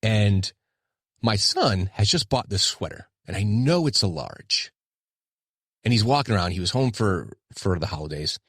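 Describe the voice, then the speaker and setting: A man's voice: fairly low pitch, sing-song, normal speed, fairly bright tone, breathy edge, dry recording, studio quality. A middle-aged man hosting his own podcast, talking candidly and self-deprecatingly in a rambling casual monologue. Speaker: podcast host.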